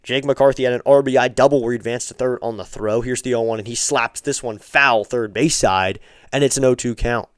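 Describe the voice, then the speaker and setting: A man calling amateur baseball play-by-play on a live stream, calm between pitches and lifting his voice on each hit, with chatty asides to viewers. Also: a little fast, no room sound, clean studio sound.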